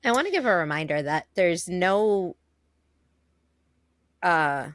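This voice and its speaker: A woman co-hosting a casual podcast, speaking candidly with casual swearing and pauses to find her words. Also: on the low side, expressive, dry recording, clean studio sound. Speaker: podcast co-host.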